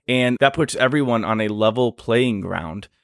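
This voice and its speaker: A man who works as a flight paramedic, talking casually as a podcast guest, eager and explanatory and quick to laugh. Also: mid-range voice, creaky, fairly bright tone, dry recording, clean studio sound. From United States. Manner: enthusiastic, explanatory, laughs easily.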